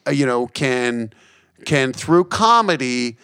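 A man's voice: medium pitch, takes it slowly, smooth, no room sound, studio quality. A man in his forties, a comedian and TV host, telling stories as a guest in a casual conversation. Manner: earnest, animated storyteller, frequent restarts.

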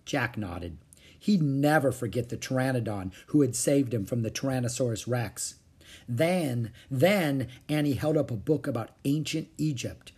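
A man reading a children's chapter book aloud with expressive, varied intonation. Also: mid-range voice, a little slow, husky. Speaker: audiobook narrator.

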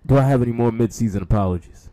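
A man's voice: mid-range voice, rapid-fire, warm tone. A man hosting a sports talk show, speaking casually with sarcastic, mock-apologetic humor and frequent y'all.

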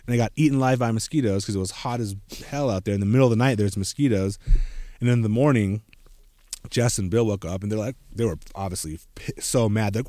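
A man's voice: medium pitch, lively intonation, quick pace, darkish tone, no room sound, studio quality. An American man in his thirties, a podcast host, tells a story in casual chat, acting out quoted voices with many "like" fillers. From United States. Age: 30s.

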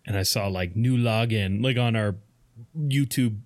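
Man, co-host, casual podcast chat, laid-back, quick short replies. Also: lowish voice, a little mellow.

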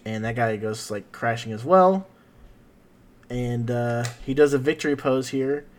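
A man's voice: mid-range voice, a little slow. A man hosting a casual podcast, recapping an episode in a rambling, jokey way with lots of "uh" and "like". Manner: rambling, jokey, full of fillers like "uh" and "like".

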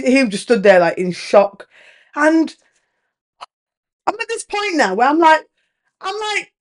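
A woman in her thirties, hosting a podcast, tells a candid, emphatic story and swears casually. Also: high voice. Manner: animated storytelling with lively rises. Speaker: podcast host. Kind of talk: candid relationship podcast monologue.

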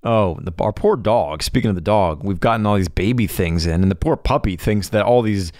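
A man's voice: fairly low pitch, a little fast, a little mellow, no room sound, clean studio sound. A man in his thirties co-hosting a podcast with his wife, chatting casually, easygoing and teasing, laughing often. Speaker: podcast co-host. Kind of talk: casual chat.

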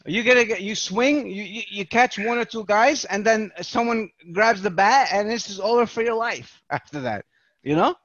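A man's voice: high-pitched, normal speed, fairly bright tone, dry recording, dull audio. A man from New York, a podcast host, telling rambling profane stories in casual chat.

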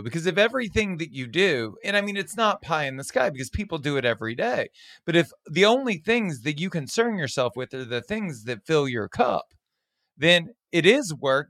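A male podcast host with a fairly high, animated voice that moves a lot in pitch. He reflects on a point and hands the question back to his guest, recorded dry and close. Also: dry recording. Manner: engaged, reflective, prompting the guest. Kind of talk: interview conversation.

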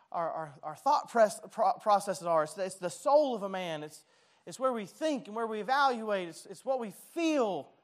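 A man preaching a sermon as pastor, conversational and self-deprecating, often stumbling and restarting his words. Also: high-pitched.

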